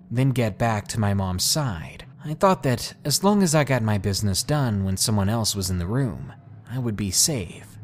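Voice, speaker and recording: A man hosting a podcast, narrating a scary first-person story in a hushed, suspenseful way. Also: medium pitch, slight background noise. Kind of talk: scripted horror story narration.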